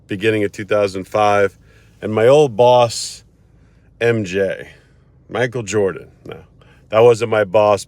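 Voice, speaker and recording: Chuckling lawyer telling a walking story. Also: male voice, medium pitch, no echo. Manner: rambling, chuckles often, storytelling. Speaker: attorney. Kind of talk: casual vlog monologue. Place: outdoors outside a courthouse.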